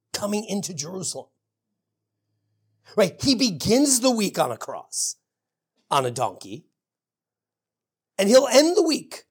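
A woman's voice: sits low, husky. A woman pastor giving a conversational sermon, full of asides, restarts and "you know"s. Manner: informal, with frequent asides and restarts.

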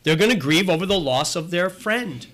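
A man's voice: sits high, expressive, normal speed, a bit bright. A man preaching a sermon as pastor, talking in a conversational way, repeating phrases and acting out little asides.

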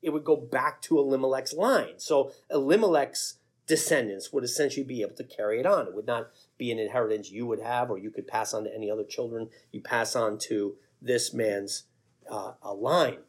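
Male pastor, husky, animated sermon storyteller. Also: medium pitch, a little fast. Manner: animated storytelling, acts out the characters with chuckles.

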